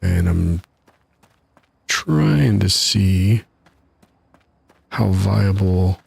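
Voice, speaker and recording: A man's voice: low-pitched, lively intonation, very slow, vocal fry, a little mellow, breathy edge, dry recording. A man casually commenting while he streams a game live, chatty and laughing at his own troubles from his home setup. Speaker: gaming streamer.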